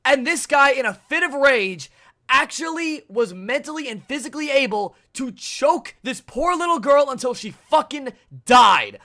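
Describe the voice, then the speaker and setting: A young man hosting a gaming channel, delivering an angry, profane rant to camera with bursts of shouting. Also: very high-pitched, animated, normal speed. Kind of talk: angry ranting commentary.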